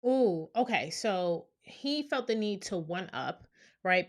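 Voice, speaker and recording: A woman therapist giving reaction commentary, explaining things step by step and often checking in with "right?". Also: on the low side. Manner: reflective, explains step by step, many "right?" asides.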